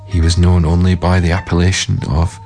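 A man narrating a storybook tale in a measured, solemn way, with a husky voice. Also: deep voice, completely flat delivery, dark tone, soft background music.

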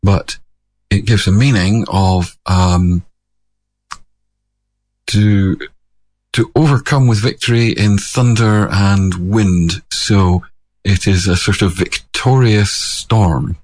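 A man with a slightly husky voice giving a measured, casual explanation, correcting himself now and then with a dry, wry touch. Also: low-pitched, fairly even intonation, darkish tone. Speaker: language explainer.

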